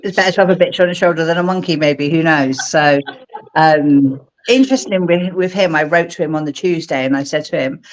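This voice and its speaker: A middle-aged woman from England, a guest on a video-call interview, telling animated stories and acting out her own past lines. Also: low-pitched, a little fast, slight background noise. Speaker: guest, speaker mentor. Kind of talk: casual interview chat.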